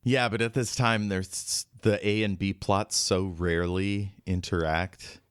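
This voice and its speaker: A man's voice: deep voice, steady tone, a little slow, clear, resonant tone, no room sound, studio quality. A man hosting a podcast, recapping in a wry, joking casual chat. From United States. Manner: wry, recaps plot with jokes. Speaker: podcast host.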